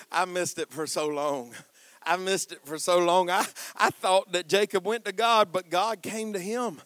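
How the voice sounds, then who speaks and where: A man preaching a sermon, swinging from quiet asides to shouted passages and calling out to the congregation. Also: high voice, steady tone, normal speed, dry recording. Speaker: pastor.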